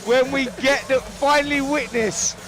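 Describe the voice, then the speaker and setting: High-voiced Cockney boxing commentator. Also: male voice, fairly even intonation, unhurried, a bit bright. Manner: chatty, jokey banter. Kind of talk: live fight commentary.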